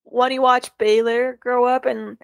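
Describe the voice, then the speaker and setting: A young woman with a higher voice full of vocal fry tells fond little stories in casual podcast chat. Her delivery is giggly and affectionate, recorded dry and close. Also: level tone, measured pace, no room sound. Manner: gravelly, fond, giggly storytelling. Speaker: podcast co-host.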